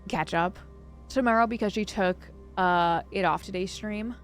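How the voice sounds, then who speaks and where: A young woman streaming a game live, chatting casually and dramatically with her viewers, swinging from excitement to mock sadness. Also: mid-range voice, moderate pace. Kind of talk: casual live-stream chat while gaming. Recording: faint music behind.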